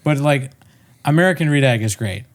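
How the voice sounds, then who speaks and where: A man co-hosting a podcast, chatting in a loose, rambling way. He swears freely and breaks into laughter often. His voice sits at an ordinary middle pitch. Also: lively intonation, brisk. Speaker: podcast co-host. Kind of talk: casual chat.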